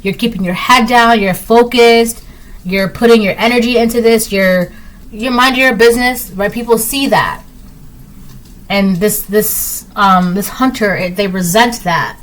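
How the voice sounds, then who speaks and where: A woman gives a casual, spoken tarot reading in a voice that sits a little high. She talks in loose, repetitive phrases and keeps checking in with "right?". She breaks into quick little acted voices to make her examples vivid. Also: rough recording. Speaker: tarot reader.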